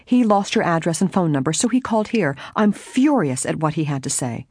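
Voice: mid-range voice, very animated, brisk, a little mellow, slightly rough, dry recording, clean studio sound. A reader voicing a blunt, indignant older woman housekeeper, in an audiobook.

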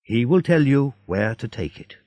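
A man's voice: mid-range voice, very animated, moderate pace, dark tone, no echo. A man voicing a dying male ship captain who makes solemn, urgent requests.

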